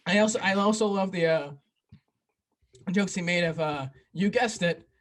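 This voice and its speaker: A young man hosting a casual podcast chat, retelling comedy bits with quick impressions and laughter. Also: sits high, slight background noise. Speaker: podcast host.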